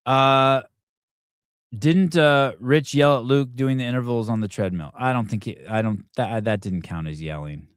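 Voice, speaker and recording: A man's voice: mid-range voice, moderate pace, clean tone, no echo, clean studio sound. A middle-aged man hosting a casual morning talk show, rambling and restarting his sentences as he talks with callers. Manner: rambling, restarts often, shouts quoted yells. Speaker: podcast host.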